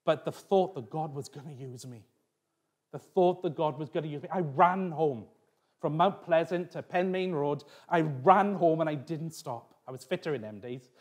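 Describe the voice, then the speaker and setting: Pastor guy, middle-aged, voice a bit high, rambling personal story sermon. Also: moderate pace.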